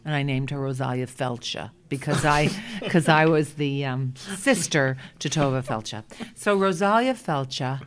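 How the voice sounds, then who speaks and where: A woman from Brooklyn with a Brooklyn accent, a Broadway performer telling lively stories as an interview guest. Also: low-pitched, measured pace. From Brooklyn, New York. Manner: lively anecdotal storyteller, frequent restarts. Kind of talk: storytelling interview chat.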